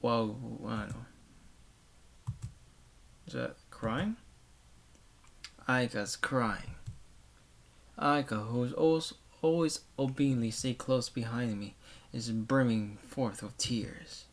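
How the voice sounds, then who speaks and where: A man's voice: mid-range voice, slow, long pauses. A man reading a visual novel aloud for a let's play, stumbling over words and breaking off for wry, offhand comments.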